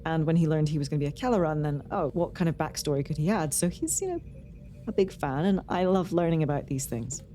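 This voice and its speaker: A woman's voice: low voice, lively intonation, quick pace, dark tone, faint music behind. A woman co-hosting a podcast in casual chat, talking in a chatty, rambling way with lots of "like.". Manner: chatty, rambling, with many likes. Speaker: podcast co-host.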